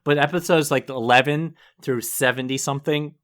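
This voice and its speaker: Brief: male podcast co-host, chatty and amused, from the northern United States, average pitch. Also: steady tone, fairly quick, a bit bright. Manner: chatty, laughs often. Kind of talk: casual podcast chat.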